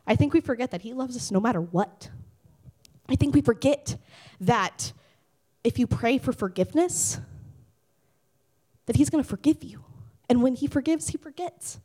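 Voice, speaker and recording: A young woman giving a casual devotional talk to teens, lively and conversational, swinging from loud to hushed. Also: on the high side, moderate pace, breathy edge. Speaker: youth speaker.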